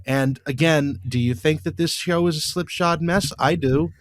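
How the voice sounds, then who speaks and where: A man's voice: a little high, moderate pace, no room sound, studio quality. A man co-hosting a podcast, recapping in a rambling, exasperated way with many fillers. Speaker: podcast co-host. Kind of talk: casual recap chat.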